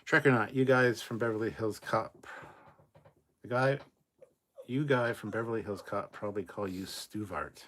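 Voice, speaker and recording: A man's voice: fairly low pitch, moderate pace, fairly bright tone, slight background noise. A middle-aged man hosting a livestream, reading viewer comments aloud in a casual, loose way and swearing freely. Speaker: livestream host reading chat. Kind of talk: casual live chat reading.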